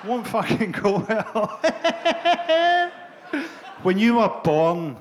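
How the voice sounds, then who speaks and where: Performing stand-up at a live venue, a Scottish man delivers a profane, deadpan set and jabs at the crowd. His voice is high-pitched and his pace slow, with a little hiss or hum in the audio.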